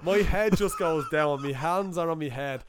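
A young Dublin man with an Irish accent, co-hosting a podcast and telling a profane, animated anecdote in casual chat. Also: fairly high pitch, moderate pace, a little hiss or hum. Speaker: podcast co-host.

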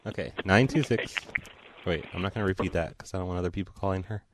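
A man's voice: sits low, quick pace. A man hosting a call-in radio show, laid-back and teasing with callers. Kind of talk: casual call-in radio chat.

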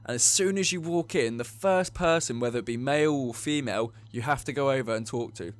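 Speaking a bit quickly in a mid-range voice, a young Englishman co-hosting a podcast spins rambling drinking tales during casual chat, laughing frequently.

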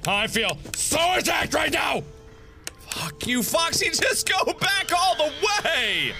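A man with a strikingly high voice that leaps wildly up and down gives let's-play commentary. He talks in loud, profane outbursts and frustrated shouts. Game music plays clearly underneath him. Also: big pitch swings, takes it slowly. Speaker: gamer.

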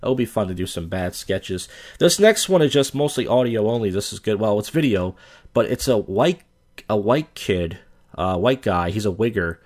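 Guy doing reaction commentary, kinda low voice, sarcastic and offhand. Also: animated, moderate pace, a little mellow. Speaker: reaction video host. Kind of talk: casual commentary.

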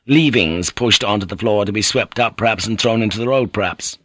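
A middle-aged man narrating a novel in a measured, dramatic, rhythmic reading. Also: lowish voice, a bit bright, no room sound. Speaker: audiobook narrator. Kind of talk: scripted narration.

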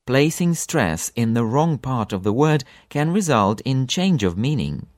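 A man teaching a language lesson for an audiobook, repeating example words slowly with long drawn-out vowels. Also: medium pitch, big pitch swings, dry recording, studio quality.

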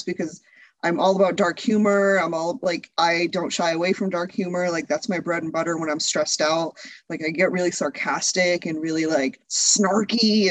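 A woman's voice: on the low side, dry recording, rough recording. A woman being interviewed as a video creator, chatting candidly with frequent laughs and lots of restarts.

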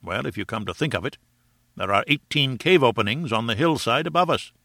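A man voicing a brisk, practical aristocratic adventurer who talks in a hearty, clipped way. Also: medium pitch, animated, bright, forceful tone, no room sound, studio quality.

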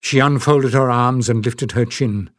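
A man giving a steady scripted reading of a fantasy novel as audiobook narrator. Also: mid-range voice, unhurried, no echo, clean studio sound.

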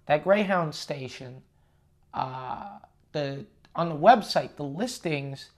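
A man's voice: on the high side, animated, takes it slowly. A young man from Canada hosting a podcast, telling a story in a casual, profane, ranting and self-mocking way. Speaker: podcast host.

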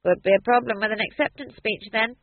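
A woman's voice: fairly high pitch, a little fast, no room sound, pitched above the performer's own voice. A woman voicing a dry, practical male dwarf scribe who speaks in a wry, matter-of-fact way in a storybook reading. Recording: tinny phone-like distant sound.

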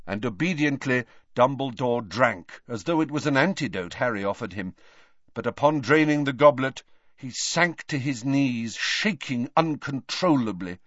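An audiobook narrator reading scripted narration in a measured, expressive storytelling manner. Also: mid-range voice, no room sound, muffled recording.

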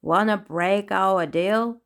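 A woman voicing a spiteful male clown ostrich villain in a storybook, talking slowly and with menace. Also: medium pitch, natural voice. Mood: wicked, spiteful. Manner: slow, menacing, smirking. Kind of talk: storybook reading.

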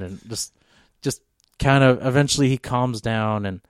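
A man with a smooth, resonant voice spins a long, loose tale, circling back with fillers. The sound is dry and close, and his pitch sits mid-range. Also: a little slow, no echo. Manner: rambling, full of fillers and restarts. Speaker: podcast co-host. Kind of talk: casual storytelling on a podcast.

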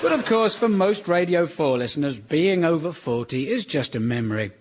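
Sardonic man, lively radio host. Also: fairly high pitch, normal speed. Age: 40s. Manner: wry, sardonic, lively delivery. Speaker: comedy show host. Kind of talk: scripted radio comedy monologue. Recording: hissy archive radio recording.

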